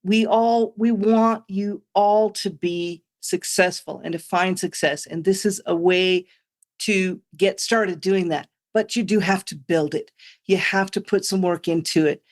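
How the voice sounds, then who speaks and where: A woman who is a business coach, guesting on a podcast and speaking in a measured, encouraging way. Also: mid-range voice, fairly even intonation. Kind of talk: casual podcast chat.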